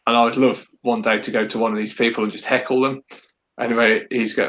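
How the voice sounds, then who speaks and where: A man from England co-hosting a casual podcast, talking in a dry, measured way with hesitant ums. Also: medium pitch, little pitch movement, fairly bright tone, lo-fi sound. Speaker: podcast co-host.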